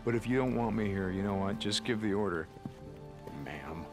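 An actor voicing a gruff, weary male biker drifter who speaks bluntly and bitterly. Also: on the low side, normal speed, close to an everyday voice. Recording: game cutscene with music behind.

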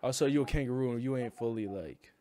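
A man's voice: medium pitch, fast, dark tone. A young man roasting strangers in a casual video chat, brash and teasing, laughing often, on his own desk microphone.

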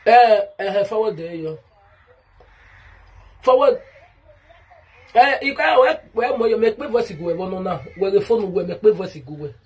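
A Nigerian woman vlogger rants directly to the camera, calling out a rival by name in an aggrieved, repetitive way. Her medium-pitched voice is expressive and a little mellow with a breathy edge, and she speaks at a moderate pace with frequent pauses.

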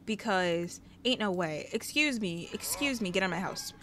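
A woman giving casual, sassy Let's Play commentary, scolding the characters in her game out loud, recorded on a headset mic. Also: medium pitch, lively intonation, moderate pace, faint music behind. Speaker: gaming YouTuber.

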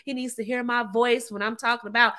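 A woman talks to her viewers in a sassy, emphatic way. Her voice sits a little high and rings very bright. She laughs often and calls her audience ladies and honey. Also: steady tone, a little fast. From United States. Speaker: relationship advice vlogger. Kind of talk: casual talk to camera.

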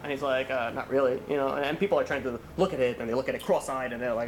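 A man's voice: on the high side, expressive, quick pace, hardly any pauses, slight background noise. A man, a rabbi, giving a holiday sermon in a casual storytelling way, acting out the characters' lines.

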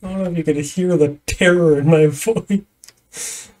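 A woman's voice: on the low side, measured pace, mellow. A woman streamer giving casual let's-play commentary, laughing nervously and talking to the game's creatures.

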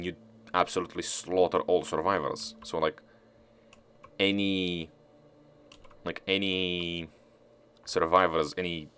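A man's voice: sits low, fairly bright tone. A man giving casual, profane gameplay commentary as a let's-player, talking back at the game as he plays.

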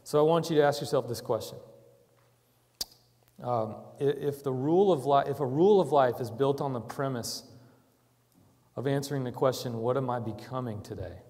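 A man giving a conversational sermon to a church, moving from quiet reflection to loud, emphatic urging. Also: mid-range voice, moderate pace, long pauses, big-room sound. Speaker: church speaker.

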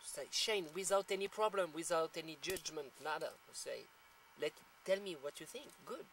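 A man's voice: fairly high pitch, normal speed, fairly bright tone, a little hiss or hum. A man from France with a French accent tells a casual anecdote in English, laughing often and acting out the people he quotes. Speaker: storyteller.

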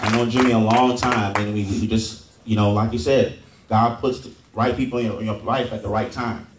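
Fairly quick and fairly even in intonation, a low-voiced man coaches an audience at a sales event, repeating points and leading call-and-response chants and okays. The recording has background noise, echo from the big hall, and a distant mic.

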